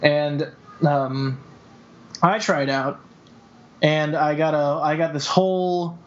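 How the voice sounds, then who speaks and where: A man chatting casually on a podcast, halting with many restarts. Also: a little high, steady tone. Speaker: podcast co-host. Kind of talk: casual chat. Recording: dull lo-fi podcast audio.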